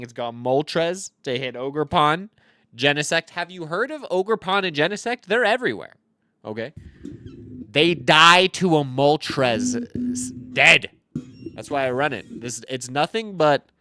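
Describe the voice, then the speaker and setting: A man in his thirties talks over his own card game in a casual, rambling way, tossing out jokes and mocking himself. His pitch swings widely and his tone is bright and forceful. The sound is dry and close. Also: smooth, dry recording. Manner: rambling, jokey, self-mocking asides. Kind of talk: casual gameplay commentary.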